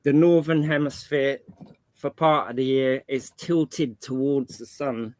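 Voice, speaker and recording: A man's voice: medium pitch, fairly even intonation, a little slow, darkish tone, no echo. A man chatting casually on a panel stream, rambling and slangy, often restarting his sentences. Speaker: panel guest. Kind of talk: casual chat.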